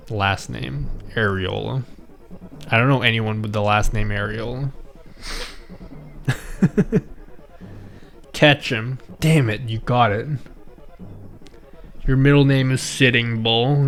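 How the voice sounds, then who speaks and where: Man, from the Philippines, streamer, unhurried, rambling, chuckling, faint music behind. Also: medium pitch, creaky, a bit bright. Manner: rambling, chuckling, answering chat. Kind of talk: casual stream chat.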